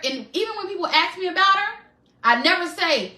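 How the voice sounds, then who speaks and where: Woman live-stream host, high and bright, heartfelt and open with viewers, echoey room. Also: very animated, brisk. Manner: emotional, heartfelt, addresses viewers as y'all. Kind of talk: candid personal live stream talk.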